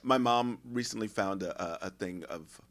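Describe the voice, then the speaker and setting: A man hosting a casual podcast chat, chatty and encouraging, filling in with quick agreement. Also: lowish voice, fairly bright tone. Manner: chatty, supportive listener with quick backchannels. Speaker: podcast host.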